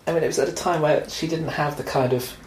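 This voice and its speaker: A man's voice: on the high side, steady tone, quick pace, echoey room, low-quality recording. A man co-hosting a casual film podcast, recapping the plot and teasing and correcting his co-host.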